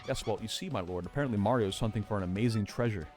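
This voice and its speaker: A man's voice: fairly low pitch, racing, a little mellow, soft background music, lightly acted. A man voicing a fawning old female witch servant who speaks in simpering, overly polite tones.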